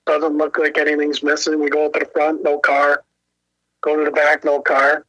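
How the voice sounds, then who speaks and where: Bright-voiced man telling a profane story. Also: on the high side, normal speed, dry recording, poor audio. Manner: profane, animated, laughs often, acts out quotes. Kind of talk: casual storytelling.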